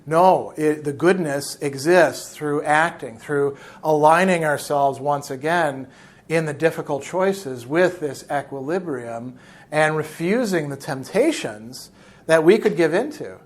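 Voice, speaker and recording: A man's voice: a little high, animated, measured pace. A man teaching philosophy in a video lecture, explaining a novel in a reflective way.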